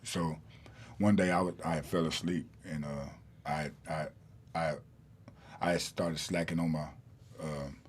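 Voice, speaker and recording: Low husky man telling stories. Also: fairly even intonation, a little slow, pauses often. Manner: rambling, with many fillers and restarts. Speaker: podcast guest. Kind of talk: casual storytelling in an interview.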